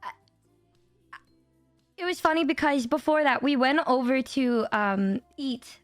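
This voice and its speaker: A young woman streamer telling a story to her chat in a casual, animated way, swearing and laughing as she goes. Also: sits high, a little slow, no echo, faint music behind.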